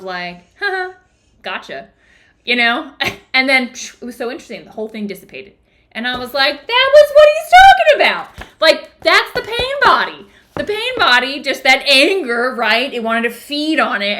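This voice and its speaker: Woman, book club host, casual chat, lots of fillers, animated, higher voice. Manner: chatty storytelling, many "like" fillers.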